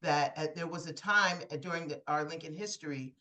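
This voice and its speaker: A woman from the program committee giving measured, gracious thanks on a video call. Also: deep voice, sharp tone.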